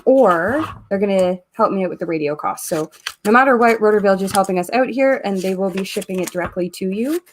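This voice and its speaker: A woman's voice: on the low side, slight background noise. A Canadian woman hosting a live stream, chatting casually and reading viewer comments aloud as she works. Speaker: host of a live giveaway stream.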